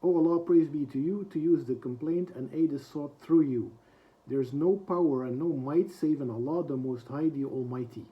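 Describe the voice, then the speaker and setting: A man with a slightly high voice teaches a reflective book lesson. He recites quoted prayers quickly, then translates them slowly and softly, with many hesitations. The recording sounds dull and lo-fi. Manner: soft-spoken, with frequent hesitations.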